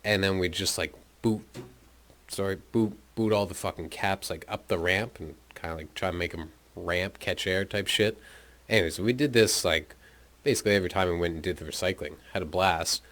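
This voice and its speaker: Telling his life story on his podcast, a young man speaks briskly in a low-pitched, slightly bright voice. He rambles casually through profane memories of school, laughing frequently.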